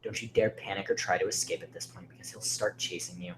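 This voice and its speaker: A man narrating a creepy horror story with dramatic delivery, often sinking to a hushed near-whisper. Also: deep voice, fairly even intonation, fast, a little hiss or hum.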